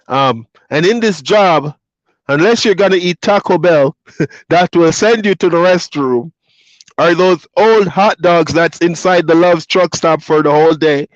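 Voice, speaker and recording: There's no echo on this dull, dry lo-fi recording of a man whose voice sits high. A Jamaican truck driver streamer who grew up speaking Patois and has a Jamaican accent, he casually reads viewer comments aloud and chats back, easygoing and quick to laugh.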